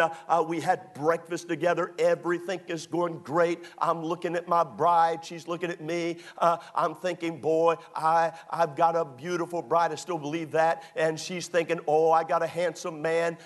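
A middle-aged man, a pastor telling self-deprecating stories in a sermon, full of fillers and restarts. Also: on the high side. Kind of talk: storytelling sermon.

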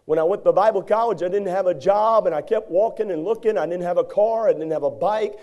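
High-voiced folksy male preacher. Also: fast, dull audio. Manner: folksy, animated storytelling with acted voices. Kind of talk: sermon with a personal story.

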